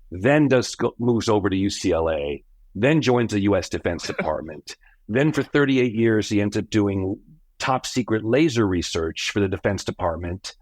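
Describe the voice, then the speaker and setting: A middle-aged American man, a company founder, telling his family story as a podcast guest, animated, acting out the voices he quotes. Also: fairly low pitch, no echo. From United States. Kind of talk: storytelling in an interview.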